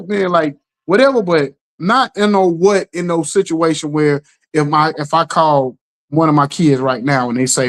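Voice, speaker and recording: A middle-aged man hosts a casual podcast chat. He tells his stories in a lively way, acts out what other people said, and keeps checking that the listener is following. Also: sits high, moderate pace, low-quality recording. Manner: animated storytelling, acts out quotes, keeps asking "you know what I'm saying". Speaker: podcast host.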